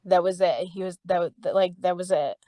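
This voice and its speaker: A woman's voice: steady tone, a little fast, dark tone, no echo. Young woman telling a heated story, dry sound. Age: young adult. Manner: heated, swears freely, heavy use of "like"; reenacts dialogue with raised pitch. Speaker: podcast host. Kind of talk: casual storytelling chat.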